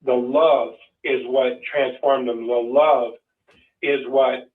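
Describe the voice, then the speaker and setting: Co-host, man, mid-pitch, folksy rambling storyteller; distant phone-quality audio. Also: fairly even intonation, slow pace. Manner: rambling, folksy, with many restarts. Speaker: co-host of a call-in show. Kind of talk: casual storytelling chat.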